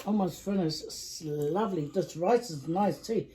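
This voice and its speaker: A woman's voice: fairly low pitch, a little slow, low-quality recording. A woman hosting her own eating vlog, chatting casually and giggling as she talks. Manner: chatty and giggly, trails off into soft asides. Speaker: vlog host and mother. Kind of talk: casual chat while eating.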